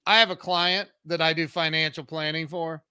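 High, bright-voiced animated storyteller man. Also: moderate pace, smooth, dry recording. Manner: animated storyteller, acts out quotes. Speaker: guest, entrepreneur and coach. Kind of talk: casual podcast interview.

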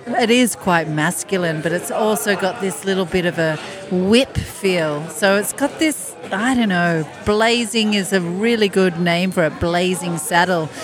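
A woman co-hosting a podcast in casual chat from a brewery taproom, describing a beer in a vivid, enthusiastic way. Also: on the low side. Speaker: podcast co-host.

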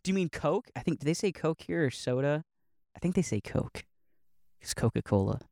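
Young guy, loose rambling monologue, laughs often, bit high, dry close mic. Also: expressive, normal speed, gravelly, warm tone, no room sound. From Northeast Ohio. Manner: rambling, laughs often, many likes and restarts. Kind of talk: casual monologue.

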